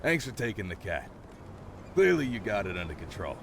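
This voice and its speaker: A man's voice: on the low side, sing-song, fairly quick, gravelly, a little hiss or hum. An actor playing a dismissive, sarcastic townsman in a game.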